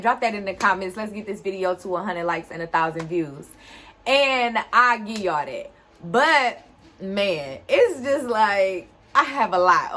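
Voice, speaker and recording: A woman's voice: mid-range voice, pushed and bright. A woman, animatedly telling a casual storytime straight to her viewers. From Detroit, USA. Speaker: vlogger.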